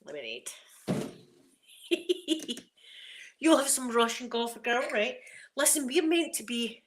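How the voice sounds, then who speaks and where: A woman's voice: on the high side, big pitch swings, takes it slowly. A Scottish woman chatting casually while showing viewers around her home, rambling and laughing often, on a phone she carries around. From Scotland. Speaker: ASMR channel host.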